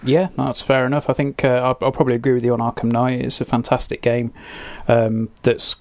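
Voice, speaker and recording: A man's voice: mid-range voice, flat delivery, a little fast, no echo. A man hosting a casual podcast, easygoing and steering the conversation. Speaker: podcast host. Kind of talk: casual chat.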